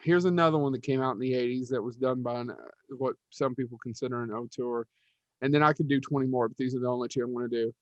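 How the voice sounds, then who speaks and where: In a relaxed film conversation, a man co-hosting a podcast wanders off topic, swears and can't recall names. He speaks quickly in a mid-range voice with fairly even intonation, and the audio is dull but free of echo.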